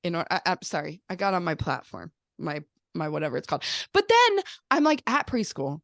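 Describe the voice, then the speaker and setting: A woman who is a mother, hosting a podcast in casual chat, talking fast with lots of "like" and animated storytelling. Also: on the low side, no echo, studio quality. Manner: chatty, says "like" often, animated storytelling. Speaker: podcast host; mother of young children.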